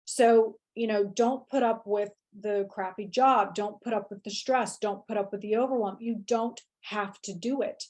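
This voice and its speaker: A woman's voice: medium pitch, fairly even intonation, moderate pace, few pauses, a little mellow. A woman in her forties, a podcast guest, telling a personal story in candid conversation and acting out her own inner voice. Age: 40s.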